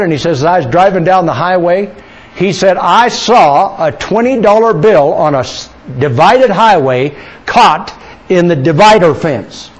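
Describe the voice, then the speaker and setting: A man preaching a sermon, asking the congregation questions and slowing down for emphasis. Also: sits high. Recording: dull lo-fi sermon recording.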